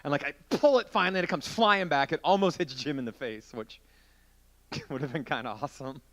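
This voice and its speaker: A man preaching to a youth group, telling a long story in a chatty, animated way and acting out the scenes as he goes. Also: fairly high pitch, fairly quick. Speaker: youth pastor.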